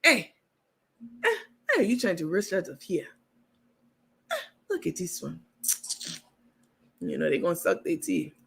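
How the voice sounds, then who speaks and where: A woman's voice: lowish voice, big pitch swings, measured pace, vocal fry, long pauses, fairly bright tone, breathy edge, exaggerated voice. A woman putting on an African accent to play a pushy hair braider who is haggling over the price. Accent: put-on African.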